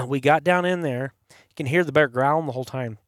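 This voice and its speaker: A man with a fairly high speaking voice tells a hunting story in a relaxed podcast chat, slipping into the voices of the people he quotes. The sound is dry and close, with no room around him. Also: brisk, vocal fry, no room sound. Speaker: podcast host. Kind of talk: casual storytelling. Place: campside.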